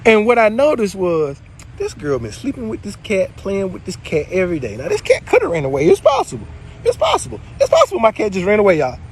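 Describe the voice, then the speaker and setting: A man casually telling viewers a story, animated and swearing freely, swinging between loud and low. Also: a little fast, slight background noise. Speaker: spiritual video creator.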